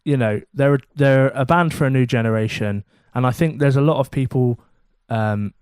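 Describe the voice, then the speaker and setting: Smooth-voiced man, teasing podcast co-host. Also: mid-range voice, darkish tone, dry recording, clean studio sound. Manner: teasing, bantering, quick to laugh. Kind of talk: casual comedic chat.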